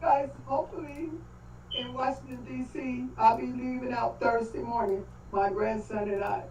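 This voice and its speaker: An older woman speaking on a video call about her family, halting and faith-filled, often breaking off mid-phrase. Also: fairly high pitch, steady tone, darkish tone. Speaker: grieving great-grandmother speaking at a livestream. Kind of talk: emotional testimony on a video call. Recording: echoey, distant, dull call audio with faint noise.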